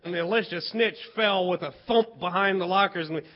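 High voiced guy telling a story, gets loud and dramatic, kinda dull lo-fi recording. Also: a little fast. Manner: animated, dramatic build-ups and shouts. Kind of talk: storytelling performance.

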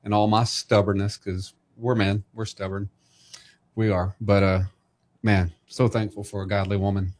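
A man's voice: fairly low pitch, level tone, normal speed, darkish tone. A middle-aged man, hosting a faith-centered chat and speaking in a preacherly, affirming way. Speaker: host.

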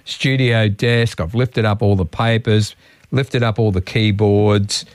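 This Australian breakfast radio host jokes and chats with a caller, speaking slowly in a fairly low, steady voice that is clear and resonant. The studio microphone picks up no echo.

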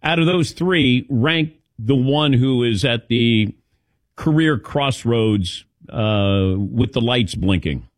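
A man hosting a sports talk show, asking questions with animated, halting delivery and repeated words. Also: medium pitch, dry recording, clean studio sound. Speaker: sports radio host.

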